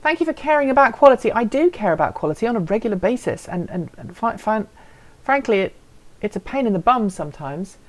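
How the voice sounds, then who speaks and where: A woman's voice: fairly high pitch, very animated, fast talker. A woman hosting a casual live stream, chatting and answering viewer comments in a playful, self-deprecating way.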